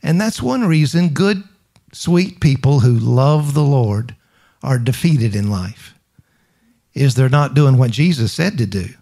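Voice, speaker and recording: Preaching in an unhurried, warm, mid-range voice, a middle-aged man delivers an expressive sermon. He asks rhetorical questions, repeats lines, and draws call-and-response from the congregation.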